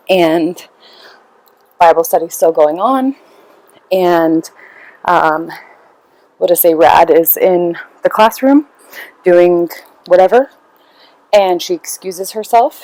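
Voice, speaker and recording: A woman's voice: fairly low pitch, a little mellow, dry recording, poor audio. A woman hosting a podcast, telling a story in a rambling, casual way and acting out the people in it. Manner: rambling, acts out quoted voices. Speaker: podcast host.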